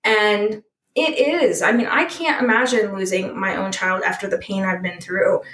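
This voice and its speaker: A woman's voice: medium pitch, steady tone, moderate pace, a bit bright. A young woman hosting a podcast, heartfelt and chatty, filling her speech with "like". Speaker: podcast host. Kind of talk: casual conversational podcast. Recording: echoey room.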